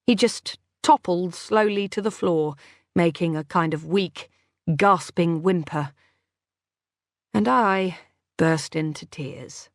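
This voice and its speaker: A woman narrating a first-person thriller audiobook in a measured, unhurried way. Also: fairly low pitch, no room sound, clean studio sound.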